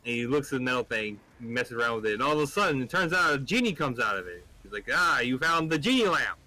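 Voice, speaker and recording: Bright-voiced man telling a rambling joke. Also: mid-range voice, animated, quick pace, low-quality recording. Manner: rambling, full of fillers.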